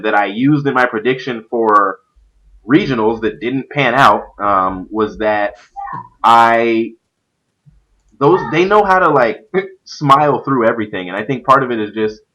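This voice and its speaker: Here a man's mid-range voice comes through a muffled recording as he hosts a stream. The stream host, also a youth pastor, chats about esports casually and animatedly, rambling with lots of fillers.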